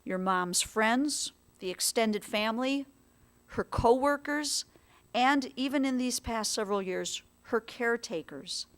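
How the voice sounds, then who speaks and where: Woman officiant, funeral eulogy, slow and gentle, measured delivery in a chapel. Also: on the high side.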